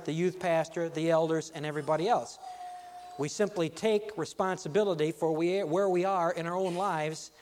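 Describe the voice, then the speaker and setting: A pastor delivers a sermon in a slightly raised voice, pressing each phrase slowly and then driving hard at the peaks. His words carry a long reverb from a large hall. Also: a little high, a little mellow. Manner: slow, emphatic preaching with rising intensity.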